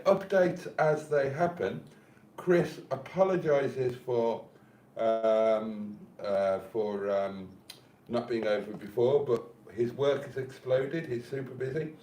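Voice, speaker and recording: A man's voice: medium pitch, measured pace, darkish tone. A man hosting a casual live stream at home, chatting and reading out messages. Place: home in Spain. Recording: roomy with faint noise.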